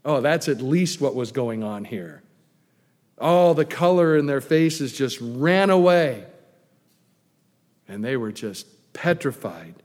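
Animated preacher man in a reverberant hall. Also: mid-range voice, slow pace. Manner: animated, acts out quoted lines loudly. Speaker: pastor. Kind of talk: sermon.

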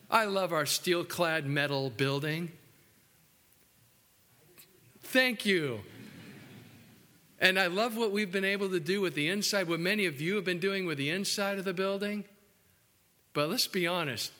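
A man preaching a sermon as pastor, animated and joking with his congregation. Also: high-pitched, long reverb tail. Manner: animated, acts out quotes, jokes with the congregation. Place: church building.

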